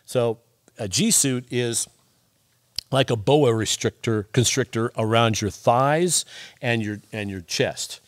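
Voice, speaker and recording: A man's voice: mid-range voice, takes it slowly, no room sound, clean studio sound. A man co-hosting a casual talk show, explaining in detail and telling a story. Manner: explains things in detail, lots of short agreeing replies. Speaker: co-host.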